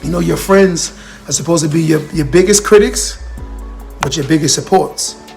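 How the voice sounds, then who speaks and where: A man's voice: on the high side, moderate pace, gravelly, a little mellow, soft background music. A man giving a casual motivational talk on a livestream, earnest and repetitive, talking straight to his viewers and answering their comments.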